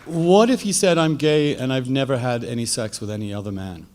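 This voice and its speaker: A man's voice: mid-range voice, fairly quick, slight background noise. A middle-aged man with an English accent, telling a personal story in a debate and acting out the voices he quotes. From England. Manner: animated, acts out quotes with a lifted voice.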